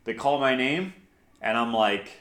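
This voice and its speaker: A man's voice: mid-range voice, lively intonation, a little slow, fairly bright tone. A man co-hosting a casual talk show, joking and telling stories in an easygoing way. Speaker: co-host. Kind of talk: casual podcast chat. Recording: echoey room.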